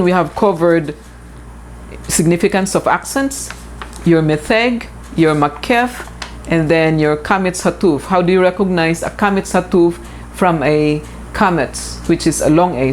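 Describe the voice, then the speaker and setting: A woman teaches in a recorded lecture, her voice sitting on the low side. She explains patiently, repeating key points and pausing on fillers. A faint hiss runs underneath. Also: darkish tone. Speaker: instructor.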